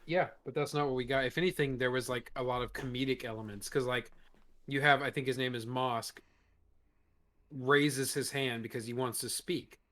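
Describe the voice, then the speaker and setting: A man's voice: medium pitch, normal speed. Blunt, cursing man reviewing a show. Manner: blunt, frequent swearing, animated emphasis. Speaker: podcast co-host. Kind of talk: casual review chat.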